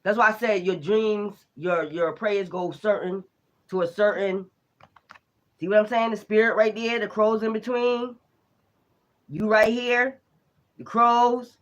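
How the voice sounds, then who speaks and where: An animated tarot reader talking through a spiritual reading in a loose, casual way. The delivery is full of profane slang and frequent bursts of laughter. The energy stays lively and unfiltered. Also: medium pitch, unhurried, pauses often, muffled recording.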